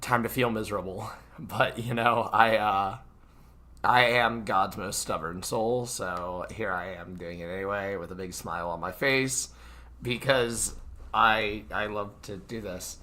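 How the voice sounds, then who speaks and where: A man's voice: on the low side, slow pace, pushed and bright. Stuffy-nosed man rambling on a livestream. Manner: rambling, filler-heavy, self-deprecating. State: stuffy nose. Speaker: author hosting a live book reading. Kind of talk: casual livestream chat. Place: his own room. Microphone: computer mic at his desk.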